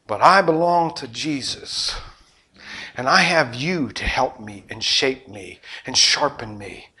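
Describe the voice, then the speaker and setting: Middle-aged male pastor, bright and slightly high voice, lively storytelling sermon with big loud-to-soft swings. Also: normal speed.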